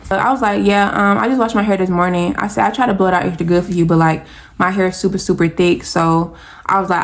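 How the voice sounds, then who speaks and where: Exasperated young woman telling a storytime. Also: lowish voice. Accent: Southern US, Atlanta. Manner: animated, exasperated, addresses viewers as y'all. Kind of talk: casual storytime chat.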